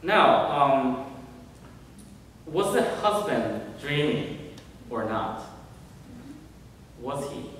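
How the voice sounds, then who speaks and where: A male reverend telling a story in a sermon, gentle and unhurried with many pauses. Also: medium pitch, very animated, a little hiss or hum. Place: temple hall. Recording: echoey hall from far off.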